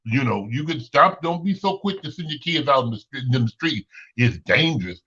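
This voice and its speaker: A man's voice: medium pitch, expressive, moderate pace, pushed and bright, husky. A man in his thirties with a Chicago accent hosts a casual opinion monologue, preaching and repeating himself for emphasis. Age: 30s. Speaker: host. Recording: lo-fi muffled recording.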